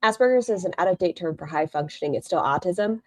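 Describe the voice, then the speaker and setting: A woman's voice: on the low side, lively intonation, fast talker, no room sound. A woman hosting a live stream, giving blunt, sarcastic reaction commentary and swearing freely.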